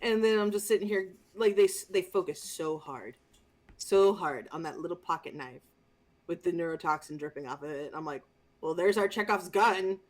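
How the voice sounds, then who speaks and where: A woman co-hosting a casual movie review podcast, telling the story in an animated, exasperated and profane way. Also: on the low side, fairly quick. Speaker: podcast co-host.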